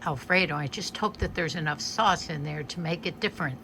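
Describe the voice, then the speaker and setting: A woman's voice: deep voice, a little fast, pushed and bright, a little hiss or hum. A woman in her eighties, chatty and homey, talking through a cooking demonstration in her home kitchen. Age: 80s. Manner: chatty, homey, talks through each step. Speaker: home cook vlogger.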